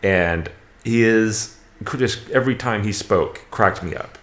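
A man's voice: lowish voice, a little slow, a bit bright, echoey room. A man co-hosting a podcast, talking about a movie in an easygoing, rambling way. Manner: easygoing, rambling, with restarts and fillers. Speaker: podcast co-host. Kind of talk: casual movie review chat.

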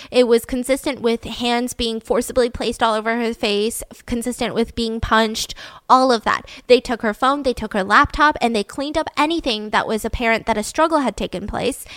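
A woman's voice: on the high side, no room sound. Chatty woman telling a crime story. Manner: chatty, emphatic, full of "like". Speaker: podcast host. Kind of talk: casual true-crime storytelling.

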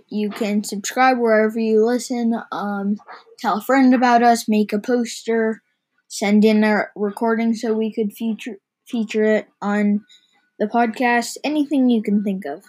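A young narrator reading a storybook aloud, halting with restarts and little asides, and hosting a podcast. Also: medium pitch, flat delivery, a little mellow, rough recording.

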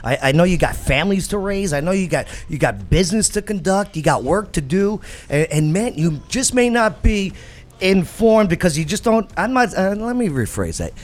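A man's voice: sits high, big pitch swings, moderate pace. A man hosting a casual talk show, jokey and rambling, often restarting his sentences.

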